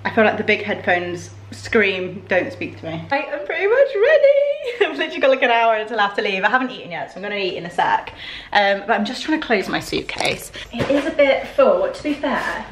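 A woman's voice: mid-range voice, expressive, a little fast, slight background noise. A young woman vlogging to camera at home, talking in a chatty, rambling way full of "like" fillers. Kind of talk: casual to-camera vlog. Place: at home indoors.

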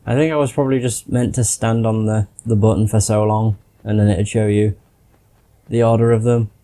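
A man's voice: on the low side, level tone, moderate pace, warm tone. A man commenting casually on his gameplay, muttering to himself and swearing when frustrated. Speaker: gamer doing a playthrough.

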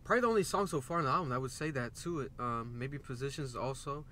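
A man co-hosting a music reaction video, casual and joking with a playful, excitable manner. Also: medium pitch, quick pace, slight background noise. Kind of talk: casual chat.

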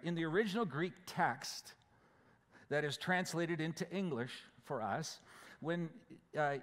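A man preaching a sermon as pastor, explaining scripture verse by verse in a conversational way. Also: on the high side. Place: church sanctuary. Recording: church hall with long reverb.

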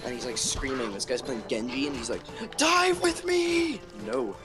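A man telling gaming stories to a friend, animated and swearing freely. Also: medium pitch, brisk, over music. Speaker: friend joining the stream. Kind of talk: casual gaming chat.

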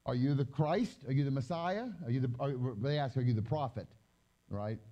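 A man giving a conversational Bible teaching with slides, reading scripture slowly and explaining it in loose, chatty asides. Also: mid-range voice, mellow, lo-fi sound. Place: gathering hall during a live-streamed event.

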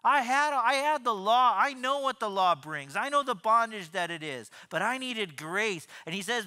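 A man giving a sermon as pastor, animated, often repeating and restarting words and acting out quoted voices. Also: extremely high pitch, normal speed, hardly any pauses. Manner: acts out quoted voices in his preaching.

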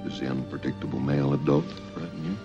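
An actor playing a charming, unpredictable plastic surgeon, smooth, witty and flirtatious. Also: male voice, a bass voice, fairly even intonation, quick pace. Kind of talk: TV film drama acting. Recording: muffled film audio with music.

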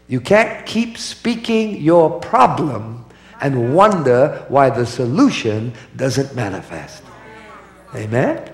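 A man's voice: mid-range voice, big pitch swings, takes it slowly, roomy sound. A man preaching a sermon to a congregation, emphatic and repetitive, calling for answers from the crowd. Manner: emphatic, repetitive, call-and-response.

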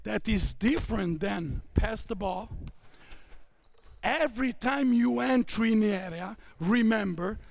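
A man's voice: sits high, lively intonation, measured pace, gravelly. A man in his fifties from Italy with an Italian accent, coaching players through drills on a court with short barked commands. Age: 50s. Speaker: basketball coach. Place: indoor basketball court.

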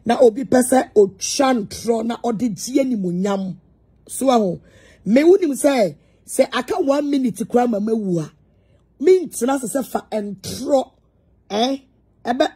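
Raspy, emphatic Ghanaian woman preacher. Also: on the high side, lively intonation, a little slow, warm tone. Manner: emphatic, repetitive, confrontational. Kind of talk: heated public address.

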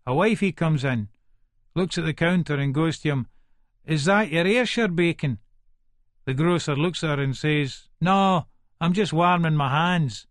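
Voiced by a man, this paranoid, violent Edinburgh hardman narrates his own audiobook in a thick Scots accent, lightly acted but aggressive and cursing with every breath. The voice is a bit high for a man, and the recording is close and dry with no room sound.

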